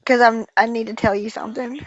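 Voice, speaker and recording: A woman's voice: a little high, steady tone, fast talker, highs cut off. A flustered, distracted woman chatting casually with friends on a livestream.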